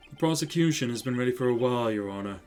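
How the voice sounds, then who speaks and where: A streamer putting on a cold young prosecutor whose voice drops low and goes flat. He keeps his answers short and formal. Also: racing, faint music behind, lightly acted. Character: cool, curt young male prosecutor. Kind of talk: let's play voice acting.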